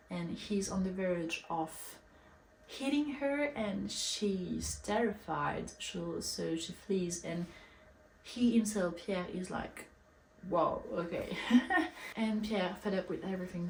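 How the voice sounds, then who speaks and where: Slow, chatty young woman in an echoey room. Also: fairly low pitch, a little mellow. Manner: chatty, acts out quotes, filler "like". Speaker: book reviewer. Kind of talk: casual plot summary. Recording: echoey room, faint hiss.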